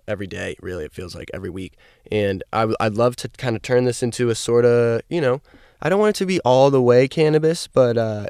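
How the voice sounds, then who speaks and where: A young man rambling casually and upbeat through a solo podcast, with plenty of fillers, and he is high. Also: darkish tone, clean tone, dry recording, studio quality. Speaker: podcast host.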